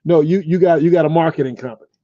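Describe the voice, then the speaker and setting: A male podcast host in casual chat, halting and repeating himself as he works toward a point. His voice is a bit high but mellow. The recording is dry and somewhat dull. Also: no room sound. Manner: halting, repeats words while searching.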